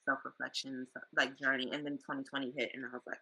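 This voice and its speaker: A woman's voice: a bass voice, level tone, fast talker, bright, forceful tone, breathy edge, rough recording. A woman hosting a podcast in chatty, relatable conversation, readily affirming her guest. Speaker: podcast host. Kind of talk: casual chat.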